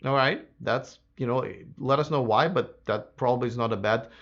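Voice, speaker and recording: A man hosting a live electric car stream, answering viewer comments in a casual, chatty way, slightly hoarse. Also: medium pitch, moderate pace, a bit bright, dull audio. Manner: casual and chatty, many fillers and restarts. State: slightly hoarse, losing his voice.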